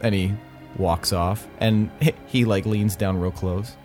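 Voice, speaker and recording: A man's voice: lowish voice, steady tone, measured pace, darkish tone, faint music behind. A man narrating as game master of a tabletop game, rambling with lots of "like" and laughing often.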